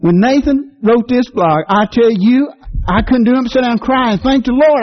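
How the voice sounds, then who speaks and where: A middle-aged man with a drawl preaches in a folksy, fervent way, his voice a touch high for a man and jumping higher when he gets going. The sound is a dull, lo-fi radio broadcast. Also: brisk. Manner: folksy, fervent preaching with sudden rises in pitch. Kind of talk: sermon.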